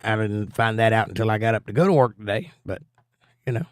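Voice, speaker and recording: A man's voice: lowish voice, lively intonation, quick pace, clear, resonant tone, no room sound, studio quality. A middle-aged man hosting a casual livestream, reading viewer comments aloud in an easygoing, folksy way. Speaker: livestream host.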